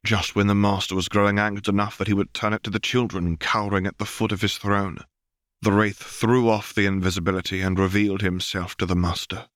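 A man narrates a story in a low, deep voice, steady and even. The recording is close and dry, with no room sound. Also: brisk, no room sound. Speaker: audiobook reader. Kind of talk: fanfiction audiobook narration.

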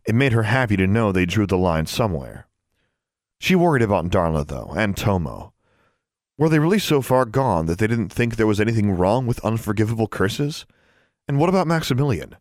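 A man narrating a novel as an audiobook in steady storytelling. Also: fairly low pitch, brisk, dry recording, clean studio sound. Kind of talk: scripted narration.

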